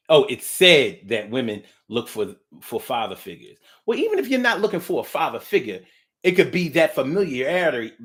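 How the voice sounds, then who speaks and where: A man's voice: medium pitch, a bit bright. A man hosting a livestream, reading viewer comments aloud and musing in a casual, drifting way with frequent hums, restarts and the odd swear word. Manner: blunt, with casual profanity.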